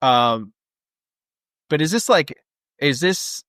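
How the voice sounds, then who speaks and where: A man's voice: a little high, expressive, slow, a bit bright, clear, resonant tone, no room sound, studio quality. A man co-hosting a podcast, chatting casually about a movie with lots of fillers and jokey asides. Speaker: podcast co-host. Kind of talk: casual movie-discussion chat.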